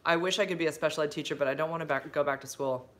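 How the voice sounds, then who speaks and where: With a deep voice and a racing pace, a woman livestreams casually from her phone; she's a vlogger and substitute teacher. She hops between anecdotes and viewer comments, losing her thread and filling gaps with ums and likes, then jumps up brightly and gushes when something delights her.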